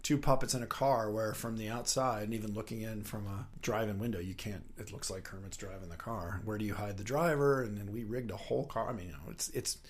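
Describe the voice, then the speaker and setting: A man's voice: lowish voice, fairly quick, hardly any pauses. A middle-aged man, a puppetry writer and director, chatting as an interview guest in a rambling way, often restarting his sentences. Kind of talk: casual interview talk.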